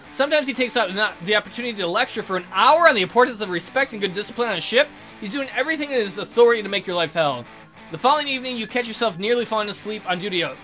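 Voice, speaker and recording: A casual man narrating a let's play with a high, very animated voice, reading a text adventure aloud. He chats loosely, swears and stumbles over words, over faint guitar music.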